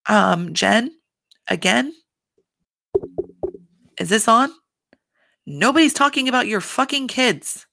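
A woman's voice: a little high, takes it slowly, gravelly, long pauses. A woman in a casual recap chat, swearing a lot and filling her talk with "like," acting out quotes with laughs. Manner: profane, filler-heavy with constant "like"; animated, acts out quotes with laughter. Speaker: reality show recapper.

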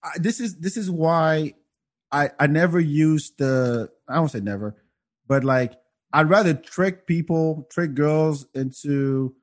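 Halting man from Senegal. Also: fairly high pitch. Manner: halting, many restarts. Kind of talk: casual chat.

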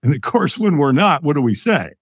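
Older man telling a lively story. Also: on the high side, brisk, breathy edge, no room sound, clean studio sound. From United States. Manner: lively, acts out other people's lines. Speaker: podcast guest. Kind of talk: animated personal storytelling.

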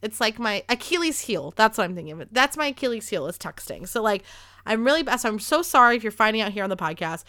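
A woman's voice: fairly high pitch, big pitch swings, fast talker, bright, forceful tone, no echo, clean studio sound. A woman in her thirties hosting a podcast, telling a rambling casual story with lots of "like" and free swearing. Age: 30s. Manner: chatty, rambling, swears freely, heavy use of "like". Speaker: podcast host.

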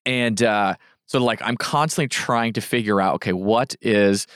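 A man's voice: lowish voice, moderate pace, a bit bright, clean tone, dry recording, studio quality. A man in his thirties co-hosting a podcast, chatty and casual, full of fillers and asides. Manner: chatty, frequent "like" and "right?". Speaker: podcast co-host.

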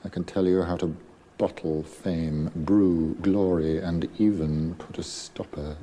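Stern potions professor, very deep, unhurried, menacing, long hall reverb, faint hiss. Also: male voice, fairly even intonation, warm tone. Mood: coldly menacing. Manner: slow, deliberate, menacing delivery. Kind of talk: film scene.

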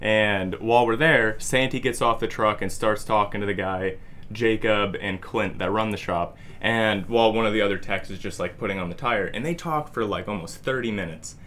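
A man's voice: fairly low pitch, normal speed, a bit bright. A man co-hosting a podcast, telling a long story casually with lots of "like" fillers. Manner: rambling, heavy use of "like". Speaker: podcast co-host.

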